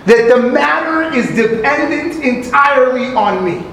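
High-voiced man preaching in an echoey room. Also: lively intonation, unhurried, fairly bright tone, slight background noise. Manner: dramatic storytelling with acted quotes and Hebrew phrases. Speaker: rabbi teaching Talmud. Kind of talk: sermon.

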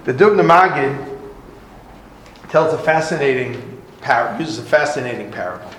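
Animated male preacher in an echoey room. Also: medium pitch, moderate pace. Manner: animated, conversational storyteller. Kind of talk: sermon with a storytelling parable. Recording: very echoey room, faint noise.

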